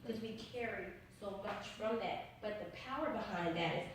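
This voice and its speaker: A woman's voice: mid-range voice, moderate pace, background noise. A woman author telling a personal story in an interview, earnest and emphatic, repeating herself in an informal way. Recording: very echoey room, distant mic.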